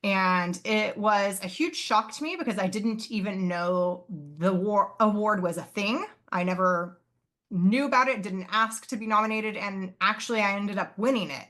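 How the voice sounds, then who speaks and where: A woman professor presents live over a video call, her voice bright and forceful. She explains earnestly, pausing on fillers and correcting herself as she goes. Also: mid-range voice. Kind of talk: live online conference presentation.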